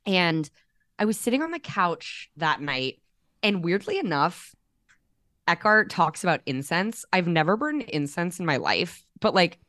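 A woman's voice: on the low side, big pitch swings, measured pace, a bit bright, no echo, studio quality. A young woman co-hosting a podcast, talking candidly in a chatty way with plenty of fillers. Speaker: podcast co-host. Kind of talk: casual chat. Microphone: remote call.

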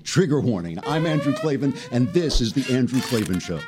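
Male show host; mocking, sarcastic comic delivery with a lively, swinging voice. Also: mid-range voice, a little fast, hardly any pauses, breathy edge. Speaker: podcast host. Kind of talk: satirical comic monologue.

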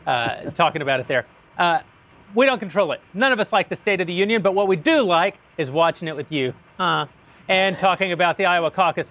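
A man hosts a joking political roundtable, wry and self-mocking, and laughs often while reading a sponsor ad. His voice is a little high with a fairly bright tone.

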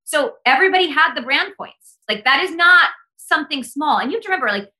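A woman's voice: high-pitched, fast talker. A woman from Texas, a guest on a podcast, chatting casually and telling stories with acted-out dialogue. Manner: animated storyteller, acts out dialogue. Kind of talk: casual chat.

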